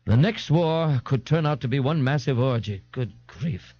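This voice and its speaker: A man's voice: mid-range voice, expressive, normal speed, dark tone, voice pushed up, lightly acted. A man voicing a pompous, indignant and bloated male eccentric in an audiobook, haughty and scolding with grand pronouncements. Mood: grandiose. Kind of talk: audiobook character voice. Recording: dull, dry 1989 tape recording.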